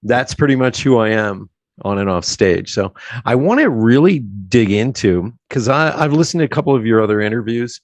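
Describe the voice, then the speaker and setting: A man's voice: medium pitch, normal speed, no echo. Man, podcast host, from South Central Pennsylvania, chatty, laughing, dry sound. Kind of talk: casual interview chat.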